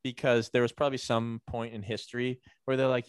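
A man who rambles in casual chat, stopping and restarting, his speech full of fillers. His pitch is average and the sound is dry and close. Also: level tone, a little fast, hardly any pauses, smooth, no room sound.

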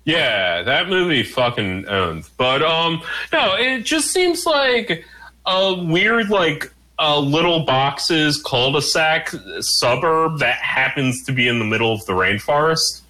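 A man's voice: fairly high pitch, expressive, slow pace, sharp tone. A man hosting a podcast in casual chat, talking loosely and profanely with lots of filler words. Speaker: podcast host.

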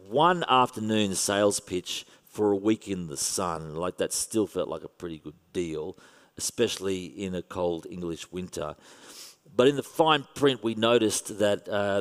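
An Australian man preaches in an easy, conversational tone with touches of wry humour. His voice sits low. The sound carries a long hall reverb. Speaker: pastor. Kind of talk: sermon.

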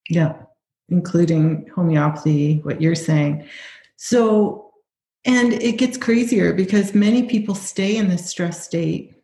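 A woman's voice: fairly low pitch, slow pace, mellow. A woman hosting a podcast, agreeable and affirming as she interviews her guest. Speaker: podcast host. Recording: roomy with faint background noise.

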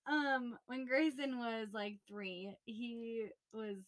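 A young woman co-hosting a podcast, telling a story in a chatty, animated way, full of "like" and laughter, recorded in a small closet. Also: on the high side, slow pace. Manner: animated, laughing, lots of "like" fillers. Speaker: podcast co-host. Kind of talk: casual storytelling chat.

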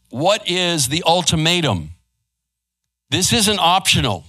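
Animated pastor preaching with a bright tone. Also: male voice, a little high, a little slow, dry recording, clean studio sound. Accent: Texan. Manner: conversational preaching, frequent "right?" and "man". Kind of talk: sermon. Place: church sanctuary.

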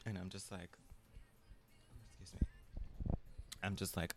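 A young man with a very deep voice tells a personal story in a casual podcast chat. He talks in a relaxed, meandering way, leaning on fillers. Faint music sits underneath. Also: unhurried. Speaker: podcast guest.

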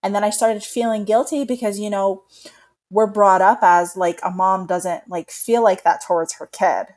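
A young adult woman co-hosts a casual podcast, chatting candidly and animatedly about motherhood. Her medium-pitched voice moves at a moderate pace as she retells things in an open, confessional way.

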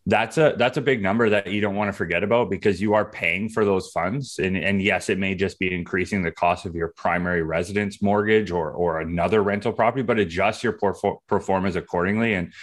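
A man with a deep, low voice gives practical advice on rental properties during a podcast chat. He speaks casually, often restarting his phrases. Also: fairly even intonation, fairly quick, hardly any pauses. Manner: practical, advisory, with frequent restarts. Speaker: podcast co-host, real estate advisor.

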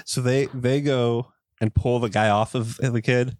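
A man recapping a movie scene in a halting way, with many restarts, in a casual chat. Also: mid-range voice, fairly even intonation, a little mellow, no room sound, studio quality. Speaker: podcast co-host.

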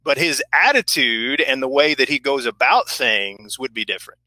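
A man's voice: mid-range voice, lively intonation, normal speed, sharp tone, dry recording, low-quality recording. A man sharing reflective stories about faith in a casual discussion. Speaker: camp worker.

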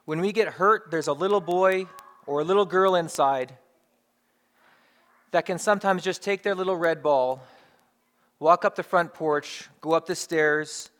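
A man's voice: a little high, measured pace, long pauses, a bit bright. A man preaching a sermon in a conversational way, driving points home through emphatic repetition. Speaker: pastor.

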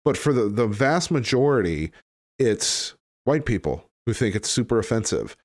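A man with a fairly low voice hosts a casual podcast chat. He rambles bluntly, swears freely and leans on fillers. The sound is dry and close. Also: sing-song, normal speed, no room sound. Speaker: podcast host.

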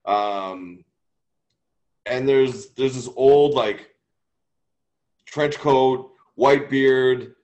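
A man's voice: mid-range voice, drawn-out words, long pauses, a little mellow, highs cut off. Canadian man telling a rambling story. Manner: rambling anecdotal storytelling, lots of "like". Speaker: podcast co-host. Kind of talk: casual chat.

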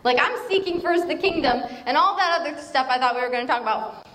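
A woman preaching in a relaxed, conversational sermon style, moving between storytelling and quoted verses. Her voice sits a bit high, and the sound rings around a roomy hall with a faint hum of ambience underneath. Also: quick pace.

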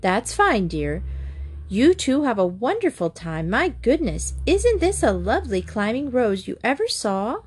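A woman's voice: fairly high pitch, big pitch swings, a little slow, slightly rough, pitched above the performer's own voice, exaggerated voice. A woman reading a kindly, gushing old lady. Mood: fond.

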